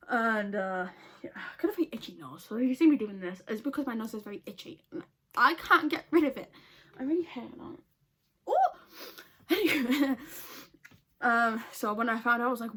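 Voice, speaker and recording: Woman, slightly high voice, casual storytime vlog, blunt, swears a lot, laughs often. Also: lively intonation, normal speed, bright, forceful tone. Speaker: vlogger.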